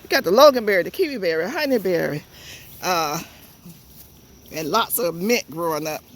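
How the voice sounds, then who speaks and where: A woman's voice: fairly low pitch, expressive, moderate pace, slight background noise. A woman with a Southern US accent giving a casual, folksy garden tour outdoors, chatting straight to her viewers. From Georgia, USA. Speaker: home gardener vlogger.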